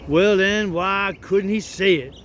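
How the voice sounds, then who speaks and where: A man's voice: high-pitched, slow, fairly bright tone, slight background noise. A man reading an audiobook, voicing a stubborn grown man who argues in folksy rustic dialect. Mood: stubborn, puzzled. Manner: folksy drawling dialect, argumentative.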